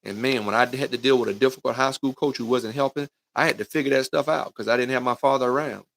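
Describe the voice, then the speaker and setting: A man's voice: mid-range voice, quick pace, a bit bright, no echo. A middle-aged man, a youth football coach, giving a folksy motivational talk on a livestream, talking straight to parents and kids. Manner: folksy, preachy, addresses parents and kids directly with lots of "right?" and "man". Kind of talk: live-streamed motivational talk.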